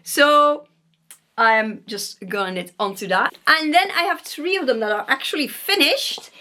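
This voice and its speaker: A woman's voice: high-pitched, lively intonation, a little slow, sharp tone. A woman knitting vlogger at home, talking casually and rambling with fillers and self-corrections, giggling now and then. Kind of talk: casual chat. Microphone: vlogging camera.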